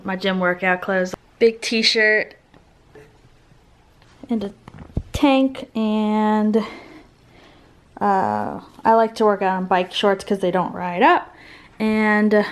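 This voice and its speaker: A young woman vlogging in a casual, rambling chat to the camera, filling her talk with "like". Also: medium pitch. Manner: chatty, rambling, fills with "like". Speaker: family vlogger.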